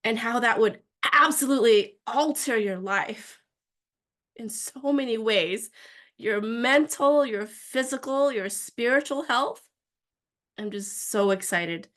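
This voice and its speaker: A woman's voice: fairly high pitch, slow pace, fairly bright tone. A woman co-hosting a casual podcast as practice manager, talking in an effusive, gushing way with frequent restarts.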